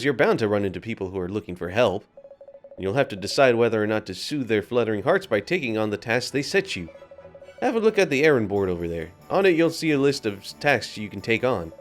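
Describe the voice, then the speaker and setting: A man's voice: medium pitch, natural voice. Dude reading as a prissy errand office guy explaining stuff, music under it. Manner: prim, mildly condescending.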